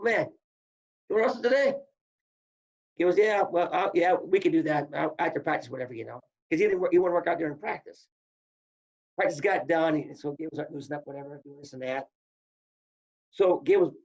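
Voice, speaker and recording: A man, telling wrestling stories in casual chat and acting out the quotes. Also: on the high side. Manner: animated storyteller, acts out quotes. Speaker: podcast guest, former wrestler. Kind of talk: casual storytelling. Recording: dull lo-fi audio.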